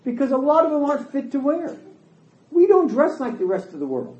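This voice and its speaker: A middle-aged man delivers a sermon with an emphatic, folksy manner. His voice sits very high and swings widely in pitch. The hall around him is echoey. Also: big pitch swings, fairly quick, a little mellow, muffled recording. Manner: emphatic, folksy, quotes dialogue in character voices. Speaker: preacher.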